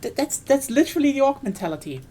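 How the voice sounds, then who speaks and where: A woman's voice: high-pitched, sing-song, fast talker, dark tone, a little hiss or hum. A woman streaming a game, ranting casually and enthusiastically, with frequent swearing and fillers.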